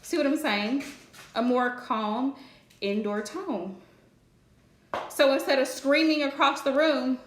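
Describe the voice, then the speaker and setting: A woman's voice: high voice, animated, a little slow, roomy sound. A woman hosting a live stream and giving relationship advice in a chatty, direct way, laughing often. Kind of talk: casual live-stream chat.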